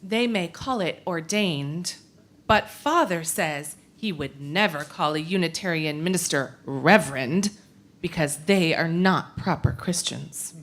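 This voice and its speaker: A woman's voice: sits low, a little slow, a bit bright, voice pushed down. A woman playing a prim, disapproving young lady from the 1800s who sniffs at gossip, in a told church story.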